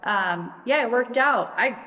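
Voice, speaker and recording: A woman's voice: on the high side, animated, measured pace, bright, forceful tone. A woman vlogging in casual chat about her workshop project, talking in a chatty, enthusiastic way. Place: unfinished shop building. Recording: echoey roomy shop with long reverb.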